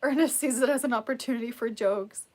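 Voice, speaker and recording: A woman's voice: fairly high pitch, quick pace. A woman hosting a casual live stream who reads out viewer comments, encouraging and laughing often, sleepy and yawning.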